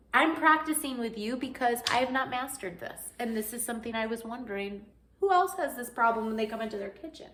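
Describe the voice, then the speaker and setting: A woman's voice: a little high, a bit bright, slight background noise. A woman vlogger chatting earnestly about faith and cooking, rambling with many fillers. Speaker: lifestyle vlogger. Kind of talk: casual faith-based chat. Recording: echoey room.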